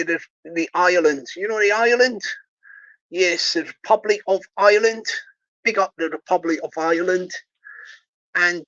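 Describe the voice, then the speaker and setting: A woman's voice: lowish voice, a bit bright. A woman hosting a livestream, chatting in a rambling way and humming bits of songs. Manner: rambling, hums and sings snatches of songs. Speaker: livestream host. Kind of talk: rambling casual chat. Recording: dull lo-fi audio.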